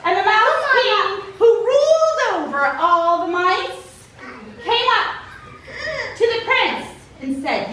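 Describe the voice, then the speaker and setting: A woman leading a children's show, telling a fairy tale and calling out questions to the kids in an animated way. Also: very high voice, slow. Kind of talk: interactive storytelling to children. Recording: echoey hall from far off, noisy.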